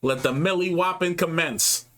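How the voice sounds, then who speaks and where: A man's voice: a little high, normal speed. A man co-hosting a movie reaction, chatting casually and laughing often as he reacts. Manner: laughs often, animated and playful. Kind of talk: casual chat reacting to a film.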